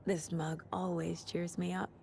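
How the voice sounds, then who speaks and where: An actress playing a focused, analytical FBI profiler in a video game, speaking in a low, measured, often hushed way. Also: female voice, flat delivery, creaky, breathy edge, full character voice. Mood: tender. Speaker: game character.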